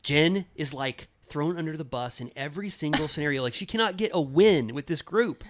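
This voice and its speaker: A man co-hosting a podcast in casual chat, animated and blunt, swearing often and mimicking people in a high voice. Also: fairly quick. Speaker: podcast co-host.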